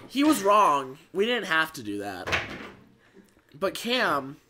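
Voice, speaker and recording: A man's voice: fairly high pitch, wildly swooping pitch, takes it slowly, noisy background. A young man in his late teens telling a rambling story on a casual livestream, full of fillers. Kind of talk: casual chat.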